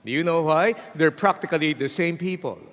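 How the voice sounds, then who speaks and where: A man preaching a sermon to a packed hall, with a Filipino accent, speaking in an animated, emphatic way. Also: a little high, a little fast. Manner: animated preaching, mixing English and Tagalog, addressing the hall. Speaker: pastor. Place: large hall. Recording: long hall reverb.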